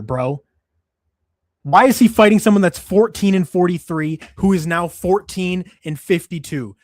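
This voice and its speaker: A man's voice: sits high, a little slow, no room sound, clean studio sound. A man hosting a casual MMA livestream, ranting in a profane, exasperated way. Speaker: MMA show host.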